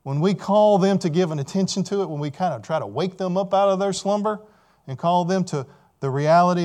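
A man's voice: high voice, brisk, darkish tone. A man preaching a sermon with emphasis, repeating key phrases and putting questions to his listeners.

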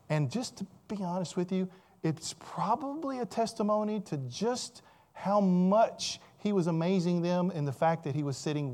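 A man's voice: fairly high pitch, darkish tone. A man preaching a sermon in a conversational, emphatic way, often asking the listeners rhetorical questions.

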